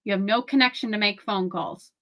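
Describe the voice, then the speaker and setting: A woman's voice: medium pitch, fairly quick, fairly bright tone. A young woman co-hosting a casual chat, playful and often giggling. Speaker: co-host.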